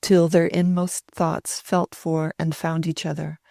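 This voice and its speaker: Low-voiced woman narrating an audiobook. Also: flat delivery, unhurried, vocal fry, dark tone, no echo, studio quality. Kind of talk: audiobook narration of a classic novel.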